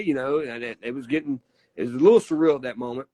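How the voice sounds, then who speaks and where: A man tells wrestling stories in a relaxed, folksy way. He gets emphatic and swears freely. His voice is recorded close and dry, with no room sound at all. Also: medium pitch, quick pace, no room sound. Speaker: wrestler guest. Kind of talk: casual interview storytelling.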